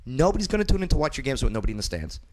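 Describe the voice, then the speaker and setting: Male talk show host, studio chat, lively up-and-down delivery, stammers and restarts, opinionated. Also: medium pitch, rapid-fire. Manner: animated, repeats words, frequent stammering restarts.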